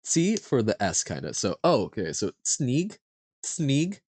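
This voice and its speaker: A man streaming a live quiz, thinking aloud and haltingly sounding out foreign words as he guesses. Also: medium pitch, wildly swooping pitch, a little mellow, dry recording.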